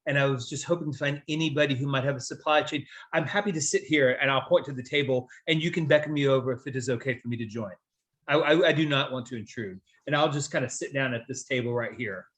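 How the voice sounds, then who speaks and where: A man playing a tabletop game, speaking in character in a halting, polite way. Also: mid-range voice, fairly bright tone. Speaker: player.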